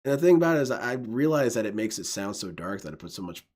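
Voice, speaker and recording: A man's voice: on the low side, very animated, fast, darkish tone. A man giving enthusiastic, rambling let's-play commentary, often laughing. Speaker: gaming video host.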